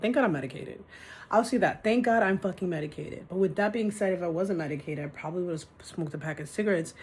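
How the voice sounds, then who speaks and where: A woman's voice: sits low, a little mellow, slightly rough. Frustrated woman venting in a vlog. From New York City. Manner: frustrated, ranting, swearing. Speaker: vlogger. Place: apartment, indoors.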